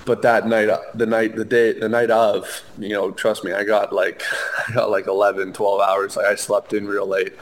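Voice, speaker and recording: A young man speaks as a guest in a sit-down interview, his voice low and fairly monotone. He talks earnestly, circling back and restarting his sentences with frequent fillers. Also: normal speed. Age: young adult. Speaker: interview guest, hockey player. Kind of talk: conversational interview.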